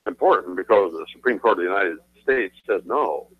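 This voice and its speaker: A man's voice: low-pitched, lively intonation, brisk, breathy edge, no echo. A man, an attorney guest on a radio talk show, explaining his views in an emphatic, lecturing way and repeating phrases for stress. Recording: tinny phone line, dry.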